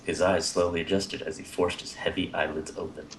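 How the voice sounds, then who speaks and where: A man's voice: sits low, flat delivery, a little fast, reverberant, a little hiss or hum. A man reading visual novel narration aloud steadily, laughing now and then. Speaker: narrator and co-host.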